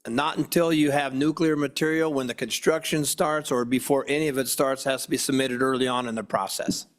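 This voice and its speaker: A man's voice: medium pitch, steady tone, brisk. A state legislator, a man, asking a direct question during a committee hearing.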